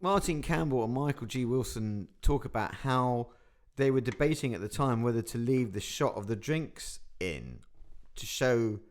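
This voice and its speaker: Lively man musing aloud. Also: medium pitch, moderate pace, few pauses. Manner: musing, full of tag questions. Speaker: podcast co-host. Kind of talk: casual chat.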